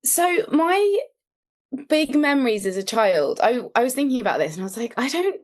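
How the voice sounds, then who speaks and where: A woman's voice: high voice, big pitch swings, normal speed. A woman, chatting as a comedy guest in a casual, self-deprecating way with lots of fillers. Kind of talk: casual interview chat.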